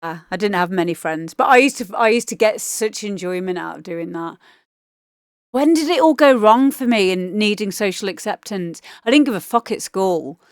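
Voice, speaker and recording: A woman's voice: medium pitch, expressive, normal speed, dry recording, clean studio sound. A woman DJ chatting casually and enthusiastically on a livestream as she reviews listeners' demo tracks, swearing now and then. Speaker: DJ giving feedback on listener demos.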